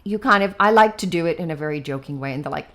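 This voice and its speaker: A woman with a slightly low voice talks as an educator on a casual podcast. She explains things patiently, one step at a time, and keeps checking in with a quick "right?" When she gets to her examples she turns playful and lively.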